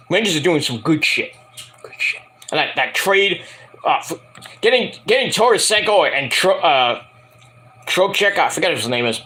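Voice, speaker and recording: A man's voice: fairly high pitch, a bit bright. A man giving a casual, rambling wrestling review, full of fillers and profanity, who slips into angry rants. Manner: profane, ranting, hesitant with fillers.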